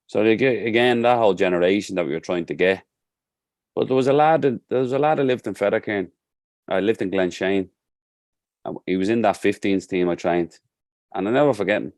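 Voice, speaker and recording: An Irish football coach with a Dublin accent tells stories as a guest on a casual podcast, earnest and heartfelt. His fairly low voice is brisk and a little mellow, recorded dry with clean studio sound.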